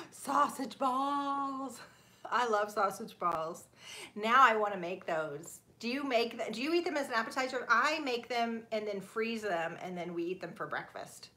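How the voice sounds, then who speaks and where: A woman's voice: fairly high pitch, animated, normal speed, few pauses, bright, forceful tone. A woman in her thirties hosting a casual livestream, chatting with viewers, reading their comments aloud and laughing often. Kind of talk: casual live chat.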